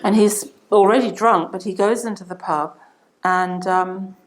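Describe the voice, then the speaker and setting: An older woman telling an old joke to an audience, animated and laughing along. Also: mid-range voice, a little slow. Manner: animated storytelling, laughing at her own jokes. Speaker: speaker. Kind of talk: telling jokes in a talk.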